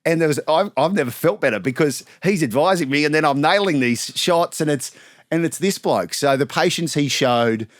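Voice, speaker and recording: A man in his thirties with an Australian accent, a sports broadcaster telling animated anecdotes as a podcast guest, laughing and acting out quotes. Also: fairly high pitch, moderate pace, no echo, clean studio sound. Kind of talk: casual storytelling chat.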